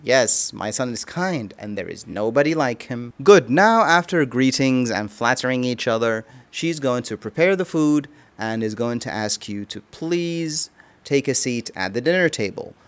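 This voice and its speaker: A man gives a casual language lesson. He explains each phrase slowly, repeats it, and chuckles now and then. His voice sits at an ordinary middle pitch. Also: expressive. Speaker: language teacher.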